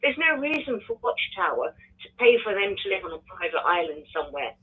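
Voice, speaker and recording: A woman's voice: on the low side, sing-song, fairly quick, husky. Blunt British woman on a phone line. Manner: blunt, opinionated. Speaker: caller. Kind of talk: phone-in comment.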